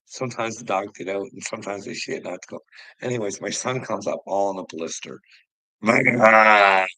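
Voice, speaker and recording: A man's voice: on the low side, normal speed, sharp tone, no echo, rough recording. A middle-aged man ranting heatedly to his livestream chat, swearing a lot and laughing often. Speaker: livestream host talking to chat. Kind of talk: casual livestream rant.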